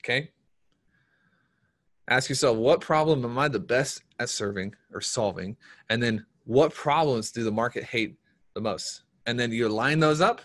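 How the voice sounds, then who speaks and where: Energetic man presenting a marketing seminar. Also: medium pitch, normal speed. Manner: energetic, repeats key points for emphasis. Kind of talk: live-streamed business seminar talk.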